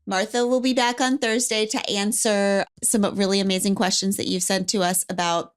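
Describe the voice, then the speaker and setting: A woman's voice: medium pitch, level tone, normal speed, smooth. A woman hosting a podcast in a friendly, plain-spoken way, speaking straight to her listeners. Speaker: podcast host.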